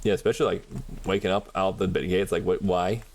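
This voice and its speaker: A man's voice: low-pitched, fairly even intonation, quick pace, a little hiss or hum. A man streaming a game, chatting casually and rambling with frequent laughs. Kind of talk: casual chat while gaming.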